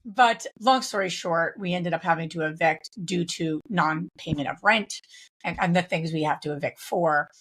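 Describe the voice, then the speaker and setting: A woman's voice: lowish voice, normal speed, a bit bright, husky. A woman guest in a conversational interview, speaking reflectively with frequent restarts and fillers. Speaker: guest, real estate investor.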